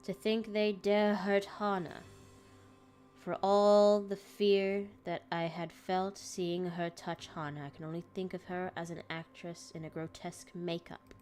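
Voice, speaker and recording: A woman's voice: fairly low pitch, little pitch movement, unhurried, a little mellow, a little hiss or hum. A woman streamer reading a visual novel aloud dramatically, breaking off with laughing asides.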